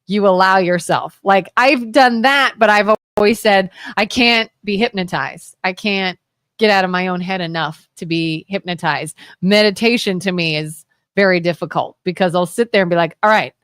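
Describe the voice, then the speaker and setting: A woman co-hosts a local talk radio show and chats casually into a close mic. Her pitch sits in the middle for a woman. She rambles through animated stories, and the studio sound is dry. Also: no echo. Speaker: co-host.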